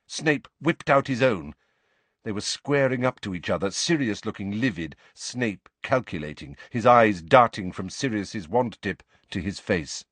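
A man's voice: on the low side, fairly bright tone, dry recording. A man narrating an audiobook expressively, voicing each character himself.

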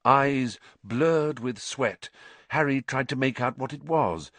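Slow, suspenseful male audiobook narrator. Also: dry recording. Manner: measured, suspenseful delivery that sinks low in dark passages.

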